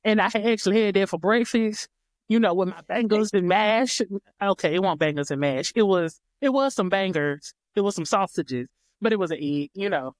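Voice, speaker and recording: A woman's voice: medium pitch, moderate pace, no room sound, studio quality. A woman guest on a podcast, telling stories in a laid-back, joking way. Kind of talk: casual chat.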